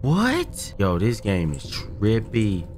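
A man hosting a gaming video, giving casual, slangy let's-play commentary and yelling in fright. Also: fairly low pitch, moderate pace, soft background music. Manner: excitable, yells in fright, slangy.

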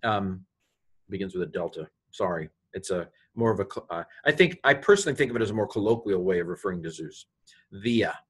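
A man with a somewhat low voice teaches a Greek text in a loose, unscripted way. He stops often, repeats himself, and pauses with fillers as he explains grammar. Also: lively intonation, slightly rough. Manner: halting, many fillers, rises on quoted Greek. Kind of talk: informal teaching walkthrough.

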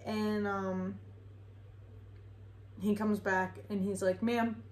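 A woman's voice: mid-range voice, flat delivery, drawn-out words. Chatty young woman in an echoey room. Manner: chatty, rambling, swears freely, filler-heavy. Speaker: vlogger. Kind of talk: casual storytime.

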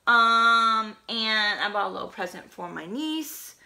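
Hoarse chatty woman vlogger. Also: fairly high pitch, expressive, measured pace, sharp tone. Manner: chatty, rambling with fillers. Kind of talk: casual haul chat.

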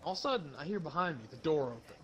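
A man chats with his friends and tells a story from his childhood, building the suspense as he goes. His voice sits a little higher than most men's. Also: animated, rapid-fire. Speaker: channel host.

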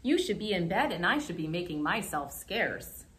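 A woman voicing a fussing male turkey in a storybook reading, loud and scolding. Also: lowish voice, very animated, moderate pace.

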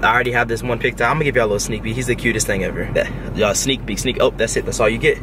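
A man's voice: medium pitch, racing. A young man talks casually to his vlog camera, using lots of slang like y'all and finna. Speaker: vlogger. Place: in a car and outdoors. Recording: distant camera mic with street noise.

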